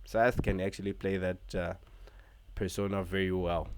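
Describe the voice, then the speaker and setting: Man reviewing wrestling casually, low voice, dry close sound, excitable, curses. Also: normal speed, clear, resonant tone, no room sound. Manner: excited, swears, heavy filler words.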